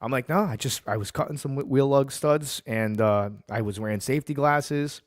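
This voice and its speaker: A man's voice: medium pitch, moderate pace, no room sound, studio quality. A man hosting a casual sports talk show, ranting heatedly and then telling a long story in a laid-back way. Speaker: podcast host.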